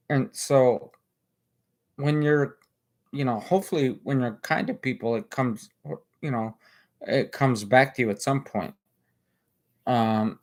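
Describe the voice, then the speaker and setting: A man hosting a casual livestream, talking earnestly in a halting way with many restarts. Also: medium pitch, fairly even intonation, a little mellow. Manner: earnest and emotional. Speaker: livestream host.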